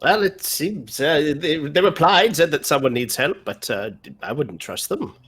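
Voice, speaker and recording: A man playing a tabletop game, lively and hesitant with fillers. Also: on the high side, unhurried, breathy edge. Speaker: player.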